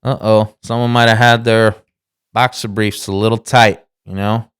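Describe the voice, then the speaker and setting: A man's voice: lowish voice, level tone, moderate pace, fairly bright tone, smooth. A man in his thirties co-hosting a casual podcast, rambling with many restarts and swearing as he talks. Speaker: podcast co-host.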